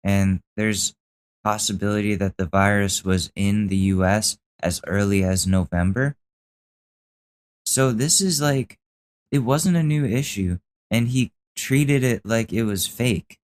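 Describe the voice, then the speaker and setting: A man's voice: fairly low pitch, a little slow. A young man hosting a podcast, commenting on clips in a casual, sarcastic, ranting way. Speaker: podcast host.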